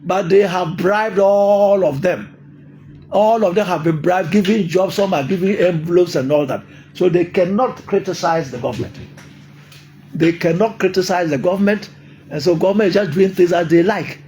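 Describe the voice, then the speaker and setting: Older ghanaian guy ranting about politics, super high voice, keeps repeating himself and laughing, faint noise behind. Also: normal speed, darkish tone. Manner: emphatic, repeats lines, laughs often. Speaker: political commentator. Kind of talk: impassioned political monologue.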